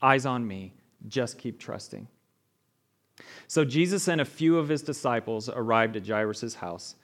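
In a medium-pitched voice at a measured pace, this pastor preaches conversationally. He keeps checking in with "right?" and animates the story by playing its characters.

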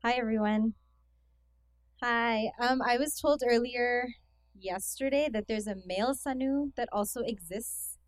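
A young Canadian woman, speaking as a guest at a youth conference, gives a casual talk to an audience in a hall. She is chatty and self-deprecating with plenty of fillers, her voice fairly high and her pace measured, in a dry recording.

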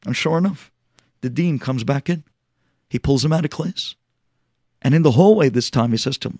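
A man preaching a story-driven sermon. His gravelly voice rides high and moves through a wide, animated range. He acts out each character, dropping to a hush and then rising to shouts, in a dry, close sound. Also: a little fast, dry recording. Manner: acts out the dialogue with big swings from hushed to shouting. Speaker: rabbi.

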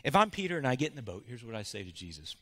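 A male pastor preaching a sermon in a church, shifting from hushed to loud. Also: medium pitch, sing-song, rapid-fire.

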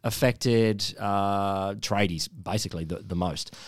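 A man's voice: lowish voice, a little slow, no echo. A man hosting a podcast, joking and hesitant with lots of fillers. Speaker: podcast host. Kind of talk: casual political chat.

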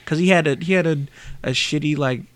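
A man co-hosting a casual podcast, swearing freely and talking in halting bursts. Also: a little high, dry recording. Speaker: podcast co-host. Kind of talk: casual chat.

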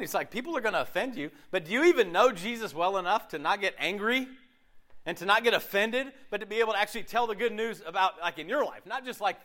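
Animated high-voiced man preaching. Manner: animated, laughing often, acts out voices. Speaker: pastor. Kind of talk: sermon with group discussion.

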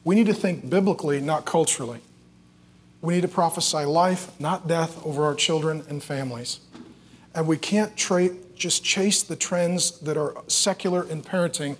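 A man preaching a sermon, telling a personal story with big swings from loud, joking delivery to quiet, tender prayer. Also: on the high side, moderate pace, slight background noise. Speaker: pastor.

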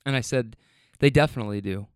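A man's voice: medium pitch, quick pace, clear, resonant tone, no room sound, studio quality. A man who drives for a rideshare service, recounting a ride in his car in an earnest way and tending to get choked up when he speaks from the heart.

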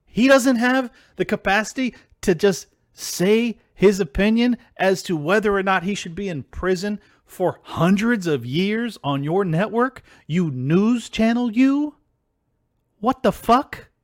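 A man hosting a solo political podcast, ranting in a heated, profane, combative way that breaks into yelling. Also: high voice, unhurried, few pauses, dry recording, clean studio sound. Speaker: podcast host.

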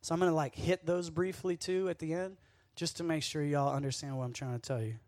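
Young male youth speaker, high-ish and dry, sweaty and worked up, chatty sermon full of asides. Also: a little fast, no echo. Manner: energetic, jokey storytelling with asides to the audience.

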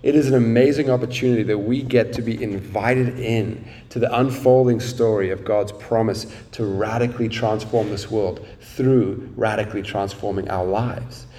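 A man preaching in a mellow, relaxed voice, easing into a story with many "uh"s and "like"s. He sounds a bit far from the microphone, like a preacher at an evening church meeting. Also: on the low side, moderate pace, hardly any pauses, reverberant. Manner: relaxed storytelling, frequent fillers. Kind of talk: sermon. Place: meeting room at an evening gathering.

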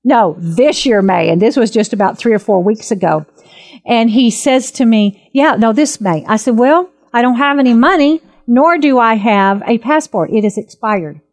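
A woman in her fifties, a minister, telling her testimony in an earnest, emphatic and animated way. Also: mid-range voice, normal speed. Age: 50s. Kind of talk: personal testimony talk.

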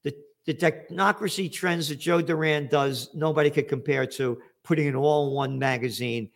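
A man's voice: a little high, fairly even intonation, normal speed, vocal fry. Blunt profane older New man. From New York, USA. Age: 70s. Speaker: host. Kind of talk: ranting commentary.

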